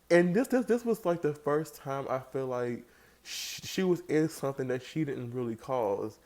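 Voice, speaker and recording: A man giving a casual, animated recap of a reality TV episode, jumping into high voices to act out what the cast said. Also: measured pace. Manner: animated, acts out quoted lines in raised voice. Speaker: reality TV reviewer.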